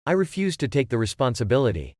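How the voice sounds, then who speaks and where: A man's voice: mid-range voice, very animated, fast talker, darkish tone, no room sound, clean studio sound, lightly acted. A man reading the lines of an anxious male test subject who hesitates and pleads in a plain, folksy way. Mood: uneasy, pleading.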